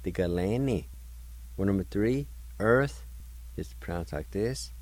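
A male radio host giving a slow, deliberate vocabulary lesson, spelling each word letter by letter and repeating it several times. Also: fairly low pitch, lively intonation, a little mellow, no echo, rough recording.

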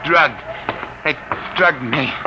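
A young private eye, halting and pleading. His voice sits a bit high for a man. The old radio recording carries a clear hiss. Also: dull audio. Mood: panicked. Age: young adult. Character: panicked, drugged private detective. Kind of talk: 1940s radio acting.

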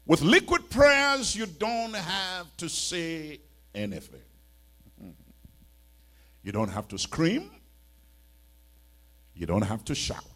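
A man's voice: on the high side, very animated, slow pace, long pauses, fairly bright tone. A man preaching a church sermon as a bishop, pleading and emphatic, with many rhetorical questions.

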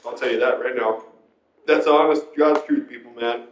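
A man's voice: mid-range voice, fairly even intonation, normal speed, a little hiss or hum. A man hosting a casual chat podcast, telling profane, rambling stories. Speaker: podcast host. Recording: roomy, dull lo-fi sound.

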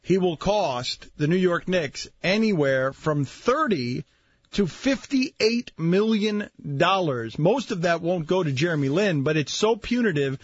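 Husky high-voiced sports radio host. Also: male voice, animated, a little slow, no room sound. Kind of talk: casual sports radio talk. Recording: dull lo-fi radio audio.

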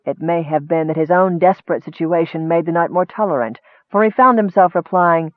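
A man reading a fantasy novel aloud in an even, measured narration. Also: fairly high pitch, no room sound. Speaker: audiobook narrator. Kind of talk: scripted narration. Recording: tinny phone-like audio.

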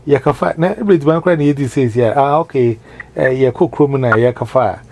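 A man's voice: medium pitch, normal speed, creaky. A man, a minister, preaching informally and rambling as he switches languages mid-sentence. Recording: loud background noise.

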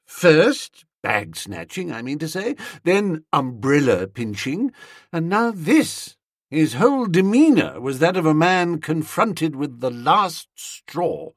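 Male audiobook narrator, husky and very animated, dry close-miked sound, expressive comic storytelling. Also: a little high, slow pace, dry recording. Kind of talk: first-person comic novel reading.

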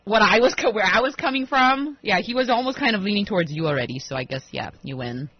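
A woman's voice: mid-range voice, lively intonation, fast talker, breathy edge. A woman co-hosting a morning radio show, playful and easily amused in the banter. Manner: laughing, exasperated, playful. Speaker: radio co-host. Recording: dull dry radio broadcast.

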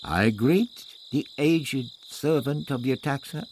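A man's voice: mid-range voice, slow pace, noisy background, voice pushed up, natural voice. A man voicing a proud, formal male Aztec warrior who speaks in a stately way.

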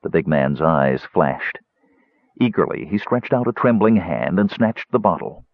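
A man narrates a fantasy audiobook in an expressive, dramatic reading with a fairly low, lively voice. The recording is dry and somewhat dull. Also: unhurried, no echo. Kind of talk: scripted narration.

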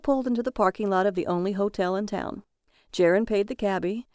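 Woman narrating a story, steady, smooth voice, dry close sound. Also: mid-range voice, a little fast, dry recording. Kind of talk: audiobook reading.

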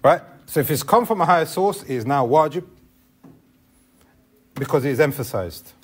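A man's voice: a little high, animated, normal speed, breathy edge. A man teaching a classroom lesson on Islamic law, explaining step by step and asking the class questions.

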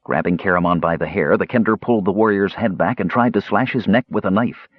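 A man reading scripted fantasy narration for an audiobook in a steady, measured way. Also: low-pitched, breathy edge, no echo. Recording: dull lo-fi dry audio.

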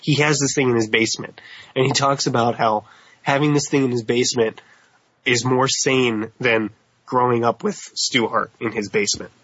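A man co-hosting a podcast, telling stories in a lively way and slipping into put-on voices. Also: medium pitch, moderate pace, husky, highs cut off. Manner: animated storytelling, mimics voices with laughs. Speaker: podcast co-host. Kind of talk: casual podcast chat.

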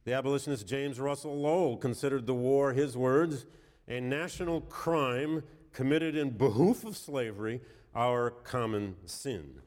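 A man's voice: mid-range voice, unhurried, darkish tone. A man with a cold giving a history lecture in a wry, conversational manner, reading quotations aloud with emphasis. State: has a cold. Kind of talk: university lecture. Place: lecture hall. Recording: reverberant lecture hall.

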